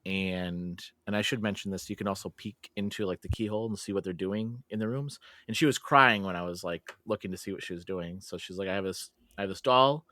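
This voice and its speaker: A man's voice: sits low, fairly quick, hardly any pauses, bright, forceful tone, dry recording. A man hosting a podcast, chatting casually and telling a story with laughs and lots of filler words. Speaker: podcast host.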